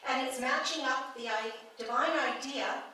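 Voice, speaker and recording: Her voice is high-pitched and sharp, moving at a moderate pace. The woman is a guest speaker giving a conversational, playful sermon at a spiritual church, captured from far away in the echoing sanctuary hall.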